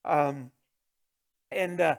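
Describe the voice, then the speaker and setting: A middle-aged man preaching a sermon as pastor, swinging from booming to hushed with chuckling asides. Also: extremely slow, creaky.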